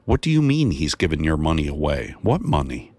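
A man's voice: very deep voice, big pitch swings, fairly quick, darkish tone, husky, dry recording, clean studio sound, heavily acted. A man doing a blunt, curious woman friend. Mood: inquisitive. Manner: pointed, questioning.

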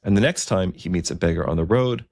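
A man retells a story in a conversational, vivid way. His voice is very deep, with a gravelly fry. The sound is dry and close to the microphone. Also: quick pace, darkish tone, no room sound. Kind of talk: storytelling narration.

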